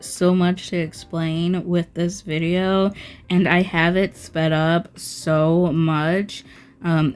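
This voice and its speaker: A woman talking through a nail art tutorial in a casual, rambling voice-over, full of fillers like "um" and "like". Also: lowish voice. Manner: slow, filler-heavy, rambling.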